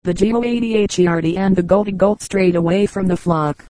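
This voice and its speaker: A narrator reading fables aloud in an even, measured storytelling manner. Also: mid-range voice, no echo, poor audio. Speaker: audiobook narrator.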